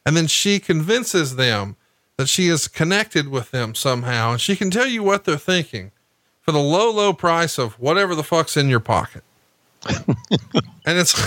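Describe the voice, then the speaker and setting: A man's voice: on the high side, no room sound. A man in casual podcast chat, telling stories with crude humor and mocking impressions. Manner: profane, animated storytelling with mocking impressions.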